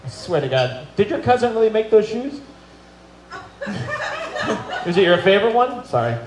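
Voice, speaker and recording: A man's voice: sits high, huge pitch swings, measured pace. A man doing a live stand-up roast in a bar, profane and rambling, often laughing at his own jokes. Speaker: roast guest of honor. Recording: echoey bar room, loud background noise.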